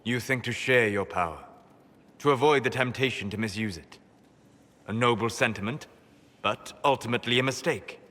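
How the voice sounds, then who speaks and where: An actor playing a wise, melancholy male elven mage in a video game, calm and measured like a lecturer. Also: mid-range voice, in a large hall, close to an everyday voice. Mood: grave.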